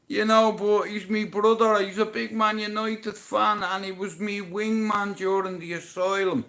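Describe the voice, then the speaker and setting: A man hosts a casual livestream, telling a story in a fairly high voice. He is emotional and swears freely. His delivery swings between low murmurs and loud outbursts. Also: steady tone, measured pace. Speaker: livestream host.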